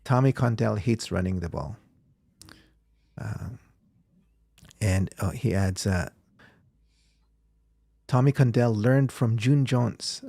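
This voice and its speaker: A man's voice: fairly low pitch, slow, creaky, long pauses, warm tone, husky, no echo, clean studio sound. A man hosting a casual sports podcast, reading out viewer comments and laughing often.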